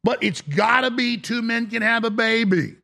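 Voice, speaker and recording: A middle-aged man, hosting a talk show in a mocking, animated rant that breaks into shouts and mimicked voices. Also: very high-pitched, moderate pace, gravelly. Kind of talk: ranting monologue.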